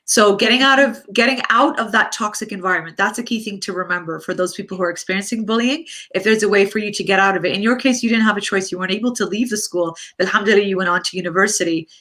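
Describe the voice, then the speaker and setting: A woman's voice: mid-range voice, quick pace, hardly any pauses, bright, forceful tone. A woman with a Canadian accent hosting a live interview as a counsellor, affirming and encouraging, often adding Islamic blessings. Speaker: counsellor and host.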